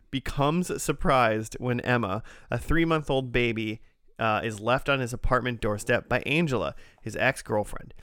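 A man from Minnesota talking casually on a podcast, joking and rambling through his points. His voice is smooth and clear. The sound is dry and close to the mic. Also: mid-range voice, fairly bright tone, no echo. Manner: joking, rambling with many fillers. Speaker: podcast co-host. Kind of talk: casual chat.

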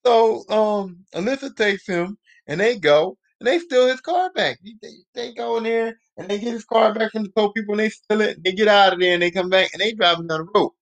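High-voiced man recapping a show. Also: fairly quick, few pauses. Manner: profane, rambling slang. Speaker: podcast host. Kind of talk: casual TV recap.

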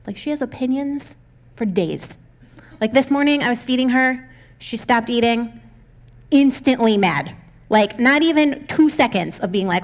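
A woman's voice: fairly high pitch, expressive, a little slow. A young adult woman pastor giving a conversational sermon, candid and self-deprecating, often laughing as she talks.

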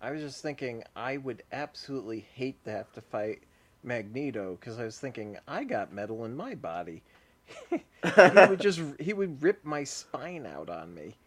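A man's voice: medium pitch, very animated, normal speed. A man talking casually on a podcast, laughing as he talks. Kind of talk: casual chat.

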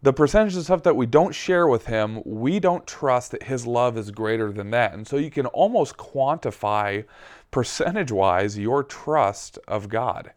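Slow, smooth-voiced man giving testimony. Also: medium pitch, expressive. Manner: candid, reflective, halting with fillers. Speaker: preacher. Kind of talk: personal testimony sermon.

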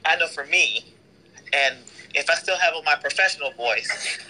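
Bright-voiced man, measured and reflective. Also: fairly high pitch, low-quality recording. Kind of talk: casual discussion.

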